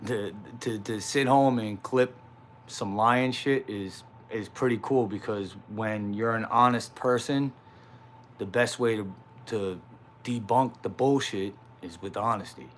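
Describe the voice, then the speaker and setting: A man's voice: fairly low pitch, fairly bright tone, slight background noise. A young man talking casually on a livestream, rambling and swearing with self-mocking laughs. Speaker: live streamer.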